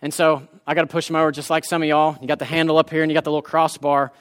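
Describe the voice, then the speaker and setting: Pastor, male, 30s, fairly high voice, impassioned and folksy from the pulpit. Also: little pitch movement, racing, a bit bright. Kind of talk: sermon.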